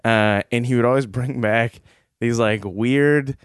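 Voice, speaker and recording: A man's voice: mid-range voice, unhurried, smooth, dry recording. Male podcast co-host, easygoing and giggly, mid-range voice, dry close mic. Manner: laid-back, giggly storyteller with many fillers. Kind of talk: casual chat.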